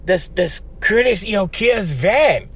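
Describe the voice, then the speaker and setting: A man's voice: high voice, animated, slow, husky, voice pushed up, full character voice. A man doing a jumpy young attendant. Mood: startled. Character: young male parking attendant, startled and eager.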